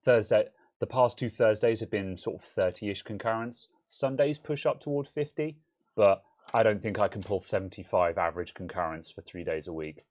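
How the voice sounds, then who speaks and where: Young male co-host, Home Counties English accent, lowish voice, rambling casual stream talk. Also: moderate pace, a little mellow. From England. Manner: rambling, self-interrupting, chuckling. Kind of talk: casual live-stream chat.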